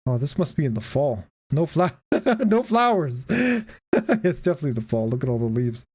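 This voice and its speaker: A woman's voice: extremely low pitch, big pitch swings, moderate pace, darkish tone, husky. A woman streaming a game, giving casual, profane, joking commentary and laughing often.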